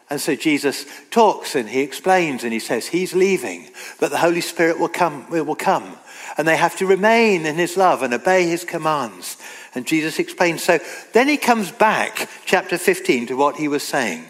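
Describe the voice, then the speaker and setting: A man preaching a sermon, earnest and emphatic, slowing down to read scripture aloud. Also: on the high side, sing-song, fairly bright tone. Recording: long reverb of a hall.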